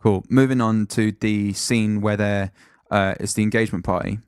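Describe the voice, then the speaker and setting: Man, podcast co-host, casual chat, animated, swearing, dry room sound. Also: lowish voice, normal speed, clear, resonant tone, no room sound. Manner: animated, swears freely, laughs often. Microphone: podcast mic.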